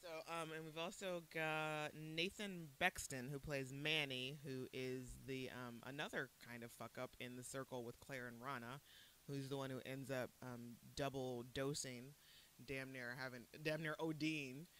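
A woman hosting a casual podcast chat, animated and quick to laugh and swear. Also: rumbling low. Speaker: podcast host. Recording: faint hiss.

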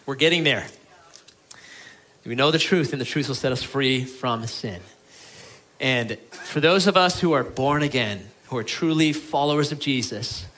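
Earnest man preaching a sermon. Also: mid-range voice. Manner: earnest, pleading, shifts between emphatic and quiet tones. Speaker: pastor. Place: church.

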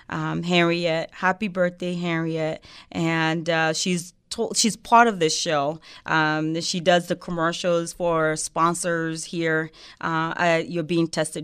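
A woman's voice: fairly low pitch, clean tone. Earnest woman host. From West Africa. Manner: earnest, emotional, many fillers. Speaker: show host. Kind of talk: heartfelt podcast interview.

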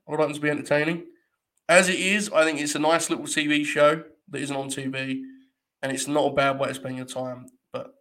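A man's voice: mid-range voice, creaky, fairly bright tone. A man hosting a wrestling podcast, giving rambling, wry live-stream commentary and talking to his chat.

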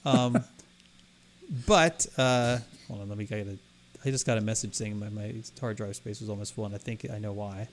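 A man's voice: fairly low pitch, normal speed. A man co-hosting a podcast, telling stories in casual chat, rambling and restarting his sentences often. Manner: rambling, self-interrupting storyteller. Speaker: podcast co-host.

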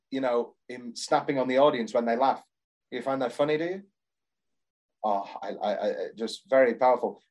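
A man's voice: mid-range voice, a little mellow. A British man co-hosting a theatre podcast, talking passionately in casual chat, swearing and reading script lines aloud in mock voices. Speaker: podcast co-host.

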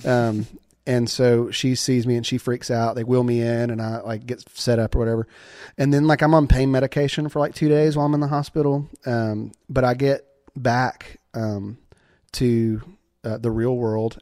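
A man casually telling a story from his youth, laughing often and acting out quoted voices in a high pitch. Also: level tone, normal speed, few pauses, a little mellow, dry recording, studio quality.

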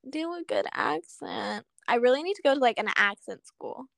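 A young woman co-hosting a podcast in casual chat, laughing a lot, mocking herself and stuttering when excited. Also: high-pitched, moderate pace, vocal fry, no room sound, clean studio sound. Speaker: podcast co-host.

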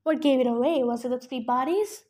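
Reading a storybook aloud, a woman voices a smug, greedy three-bodied monster rancher who trades in smooth sales patter and dismissive asides. She pitches him high, a touch mellow, and fairly quick.

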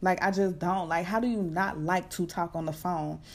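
Casting: young woman, lower-pitched voice, chatty unscripted podcast host, talks fast with fillers. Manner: chatty, animated, fast-talking with many fillers. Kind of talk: casual unscripted chat. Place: home at night. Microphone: computer setup at home.

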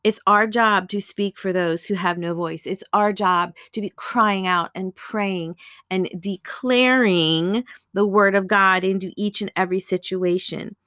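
A woman's voice: medium pitch, steady tone, a little slow, bright, forceful tone, dry recording, studio quality. A woman giving an earnest devotional Bible teaching with prayer, speaking in a conversational way with casual fillers.

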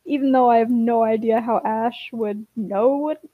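A young woman with a high voice reads her old fan story aloud and giggles between lines. Her voice rises further whenever she quotes the characters. The recording is close and dry. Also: steady tone, moderate pace, dry recording, narrow, tinny audio. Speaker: podcast co-host.

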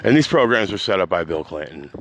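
A man's voice: very animated, quick pace. Agitated rambling man ranting. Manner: agitated, rambling, swings between loud outbursts and low mutters. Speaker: podcast host. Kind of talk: unscripted rant.

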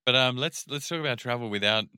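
A man's voice: mid-range voice, quick pace, sharp tone, smooth, dry recording, studio quality. A man co-hosting a podcast in casual chat, laughing easily, swearing casually and steering the conversation. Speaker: podcast co-host.

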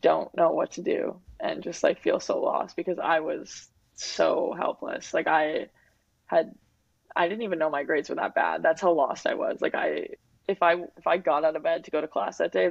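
Woman in her 20s, kinda gravelly, talks real open, lots of likes and ums, dull dry recording. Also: low voice, steady tone, normal speed, dry recording. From Winnipeg, Canada. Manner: reflective, open, heavy use of "like" and "um". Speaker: guest athlete. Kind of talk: candid interview talk.

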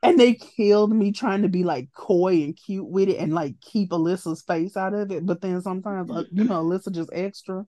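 A woman co-hosting a podcast in casual chat, animated, acting out quoted lines and laughing often. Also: mid-range voice, fairly quick, hardly any pauses, no echo. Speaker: podcast co-host.

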